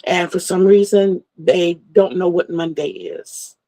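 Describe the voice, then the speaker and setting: A middle-aged woman hosts a livestream, greeting viewers and chatting in a rambling, storytelling way. Her voice is lowish and warm, with fairly even intonation and a measured pace. The audio quality is poor.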